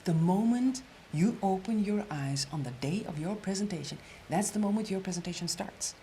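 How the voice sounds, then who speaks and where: A woman presentation coach giving an energetic storytelling workshop lecture, repeating phrases and dropping to an emphatic whisper on key points. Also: medium pitch, moderate pace, a little hiss or hum.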